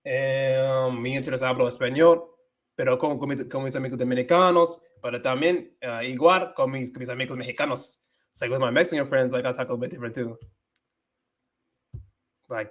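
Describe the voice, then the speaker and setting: His voice is mid-range, fairly even in intonation, and fairly quick: a young American man, native in English, hosting a casual livestream. He alternates between English and Spanish, with lots of fillers and restarts along the way.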